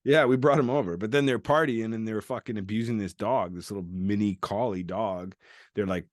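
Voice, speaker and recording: Deep-voiced man telling a rowdy story. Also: a little fast, no echo, clean studio sound. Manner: storytelling, profane, acts out quoted voices. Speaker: podcast host. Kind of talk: unscripted casual chat.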